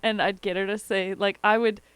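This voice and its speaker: A woman's voice: medium pitch, little pitch movement, a little fast, fairly bright tone, smooth, no room sound. A young woman co-hosting a podcast in casual chat, swearing freely and telling stories with laughter. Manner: profane, storytelling with laughter. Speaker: podcast co-host.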